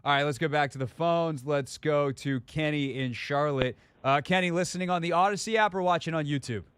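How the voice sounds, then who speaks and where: Sports radio host, dry studio sound. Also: male voice, fairly high pitch, brisk, fairly bright tone, smooth, dry recording. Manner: loose, rambling, joking. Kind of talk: casual talk radio banter.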